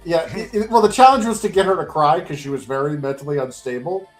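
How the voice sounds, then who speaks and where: A man's voice: a little high, quick pace, soft background music. A man on an online panel call, telling a casual story with lots of laughter and acted-out voices and sound effects. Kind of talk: casual group chat.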